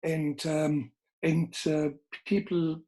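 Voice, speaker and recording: An older man with a Bavarian German accent, a filmmaker guest in an interview, speaking in measured, deliberate, emphatic phrases. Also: a little high, level tone, warm tone. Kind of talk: interview conversation.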